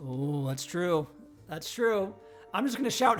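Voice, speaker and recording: A man's voice: high voice, lively intonation, moderate pace, gravelly, fairly bright tone, faint music behind. A man hosting a game stream, reading the story text aloud and chatting with players between passages. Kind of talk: game narration and casual chat.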